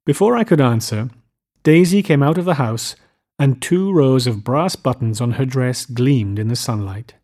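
A man narrating a literary novel in a measured, descriptive reading style. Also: mid-range voice, darkish tone. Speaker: audiobook narrator.

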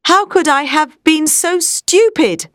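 A woman reads the part of an anxious young doctor in a slightly high, expressive voice that stays close to everyday speech. She speaks at a moderate pace, and the studio recording is clean, with no room sound.

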